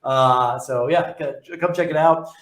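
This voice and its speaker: A man's voice: fairly high pitch, unhurried, a bit bright. Eager male podcast host, echoey room. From New York. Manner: eager, with frequent word repeats and restarts. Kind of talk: casual interview chat.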